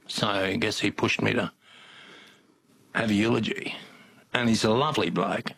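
This is an older man with an Australian accent, spinning folksy, rambling yarns in an interview. His voice sits a little low and has a husky edge, and he doubles back and restarts his sentences as he goes. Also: fairly even intonation, normal speed, pauses often, fairly bright tone. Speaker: interview guest. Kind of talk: casual storytelling.

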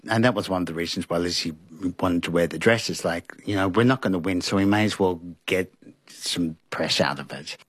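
A man with a lowish, easygoing voice recounts stories to a host, lively and amused. The sound is close and dry, like a studio booth. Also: a little fast, dry recording. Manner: animated anecdotes with laughs and acted-out quotes. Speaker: guest. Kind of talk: casual storytelling.

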